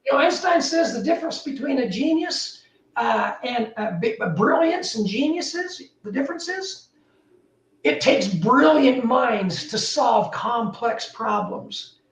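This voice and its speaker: With a high, unhurried voice, a woman entrepreneur in building technology talks casually as an interview guest. She's emphatic and animated, her pitch jumping around, and she's recorded from a distance so she sounds roomy and far from the mic.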